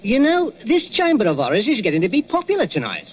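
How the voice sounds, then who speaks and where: An actor playing a chatty, cheeky Cockney museum attendant in a vintage radio drama. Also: male voice, sits high, huge pitch swings, fast talker, a little hiss or hum. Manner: chatty, cheeky, chuckling, calls people "Governor". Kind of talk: 1940s radio acting. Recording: dull lo-fi old radio recording.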